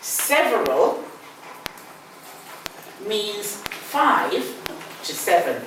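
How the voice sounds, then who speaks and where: Speaking extremely slowly, with big swings in her medium pitch, an older Londoner patiently teaches English one-on-one and repeats the key words. The audio comes from a distant mic in an echoey room with faint noise.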